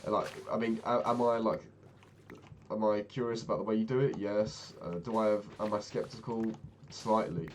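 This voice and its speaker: Young male vlogger, lowish voice, ranting casual story with swearing, faint hiss behind. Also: steady tone, normal speed. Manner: exasperated, swears freely, lots of fillers.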